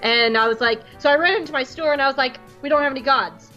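A young woman with a slightly high voice tells a story in an animated, rambling way, full of fillers and restarts. The recording sounds dull and lo-fi, with faint music underneath. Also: fast. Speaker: podcast co-host. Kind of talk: casual storytelling chat.

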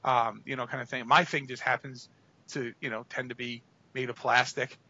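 A man with a bright, forceful voice chats casually as a podcast co-host. He rambles through long stories, packing them with "you know" and "like". The audio is dull and lo-fi. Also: medium pitch, flat delivery, normal speed. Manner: rambling, filler-heavy storytelling. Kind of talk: casual chat.

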